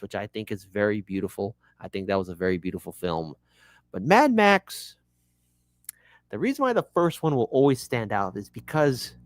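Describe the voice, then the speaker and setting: A man hosting a show, commenting on news clips in a casual, animated way, with joking asides and repeated words when he gets worked up. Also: mid-range voice, no room sound, studio quality.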